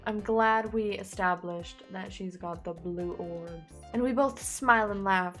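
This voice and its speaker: A young woman reading fanfiction aloud as a content creator, breaking in with animated, sarcastic jokes and giggles. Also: medium pitch, a little slow, faint music behind.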